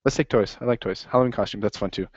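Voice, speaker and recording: A man teaching an accounting class in a lively classroom lecture, quizzing students as he goes. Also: lowish voice, rapid-fire, dry recording. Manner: upbeat, asks the class questions. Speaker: accounting instructor. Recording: dry, dull lo-fi classroom recording.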